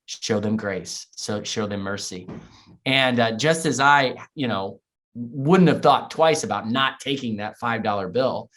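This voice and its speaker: Guest, male, 40s, mid-pitched voice, earnest and reflective storyteller. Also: measured pace, a bit bright. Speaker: podcast guest. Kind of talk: personal storytelling in an interview.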